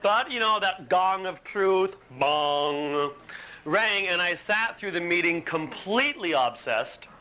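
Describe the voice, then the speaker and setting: This man speaks in a high-pitched, sharp voice, a little slowly and with few pauses. He shares a candid recovery story full of self-mockery before a live audience in a retreat meeting room, playing out his inner debate. The poor audio comes from an old tape with faint hiss.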